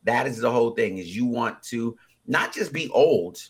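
A man in his forties with a husky voice, chatting casually as a podcast co-host, rambling with many fillers and animated bursts. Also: medium pitch, moderate pace. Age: 40s. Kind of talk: casual chat.

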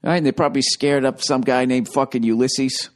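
A man hosting a podcast alone, telling a long story in a rambling, swearing way and now and then jumping up into high, mocking impressions of other people. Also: steady tone, brisk. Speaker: podcast host. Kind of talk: casual storytelling monologue.

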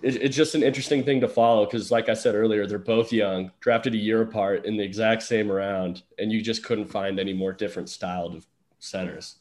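Relaxed analytical male sports guest. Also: lowish voice, fairly quick. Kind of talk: casual sports podcast chat.

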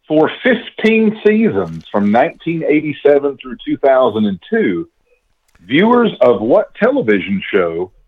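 A man hosting a trivia quiz, reading questions slowly and deliberately. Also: medium pitch, highs cut off. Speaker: quiz host.

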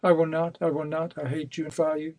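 Desperate young woman begging, louder and a bit higher, a man reading her lines. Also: completely flat delivery, quick pace, dry recording, natural voice. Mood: distraught. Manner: pleading, distraught.

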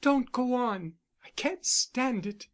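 A man's voice: very high voice, slow pace, fairly bright tone, voice pushed up, exaggerated voice. A man reading the part of a troubled young woman who sounds bitter and worn down, with a pleading way of speaking. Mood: despairing. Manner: pleading, weary.

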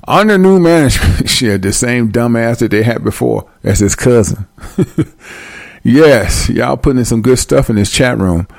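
A man's voice: mid-range voice, no room sound, studio quality. A man hosting a livestream, ranting casually with lots of profanity and frequent laughter. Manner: profane, laughing often, animated. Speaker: livestream host.

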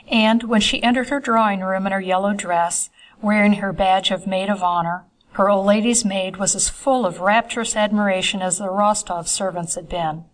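Measured woman audiobook narrator. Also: medium pitch, rough recording. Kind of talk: scripted narration.

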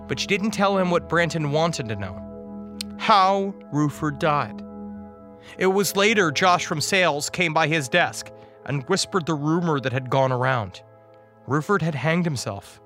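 A man as guest preacher, reading a dark comic story in a wry, dramatic way. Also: mid-range voice. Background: music.

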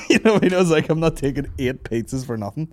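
A man's voice: on the high side, expressive, quick pace, darkish tone, dry recording. A man hosting a comedy podcast, telling rambling, sweary stories and laughing at his own jokes. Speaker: podcast host. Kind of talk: casual comedy podcast banter.

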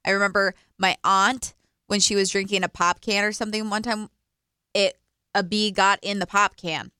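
A woman chats on a podcast and tells her stories with plenty of expression. Her voice is bright and smooth. The studio sound is dry. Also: medium pitch, normal speed, no echo. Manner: chatty, expressive storyteller. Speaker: podcast co-host. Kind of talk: casual chat.

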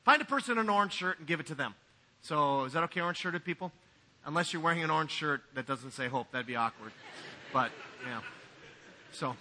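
A man's voice: fairly high pitch, lively intonation, a little fast, sharp tone. A man pastor giving a sermon in a conversational, joking way.

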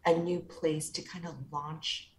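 A woman with a slightly low voice talks in a gentle, unhurried, therapeutic way. Her voice carries a roomy echo, with a faint hum of background noise behind it. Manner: calm, gentle, soothing therapeutic delivery. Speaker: guest author and inner-child coach. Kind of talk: interview answers.

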